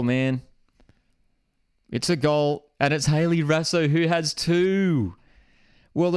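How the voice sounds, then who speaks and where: A man hosts a live football watchalong and reacts to the match as it happens. He talks in an excitable, disbelieving way, and his voice climbs sharply when he is outraged or celebrating. Between reactions he reads out comments from viewers. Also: medium pitch, clear, resonant tone, no echo, clean studio sound.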